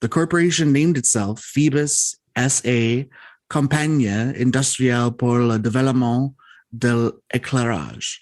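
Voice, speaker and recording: A man's voice: medium pitch, no room sound. A man co-hosting a podcast, reading out a researched explainer and stumbling over hard words now and then. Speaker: podcast co-host. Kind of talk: casual chat and read-out explainer.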